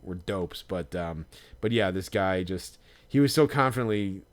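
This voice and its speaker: Male podcast co-host, lower voice, loose rambling delivery full of fillers. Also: lively intonation, measured pace. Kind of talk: casual chat.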